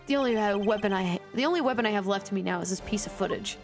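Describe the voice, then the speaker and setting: Woman reading a cool-headed prosecutor guy, formal, measured, game music behind. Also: medium pitch, natural voice. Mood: confident. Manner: measured, formal courtroom delivery. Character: composed confident male prosecutor.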